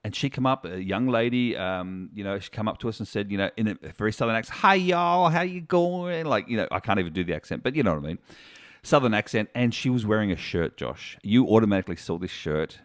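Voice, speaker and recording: A man's voice: fairly low pitch, fast, no echo, clean studio sound. A man, co-hosting a podcast in chatty, laughing banter that is full of restarts. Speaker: podcast co-host. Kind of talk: casual chat.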